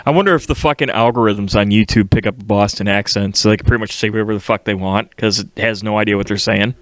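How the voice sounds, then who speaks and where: A man's voice: fairly low pitch, steady tone, fast talker, no room sound. Blunt crude-talking man, dry close sound. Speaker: podcast co-host, welder. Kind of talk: casual chat.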